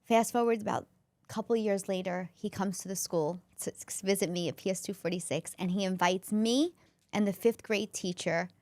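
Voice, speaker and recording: A woman's voice: medium pitch, moderate pace, a little mellow, no room sound. A woman, a comedian and former school counselor, telling a personal story as a podcast guest in an earnest, emotional way, often restarting her sentences.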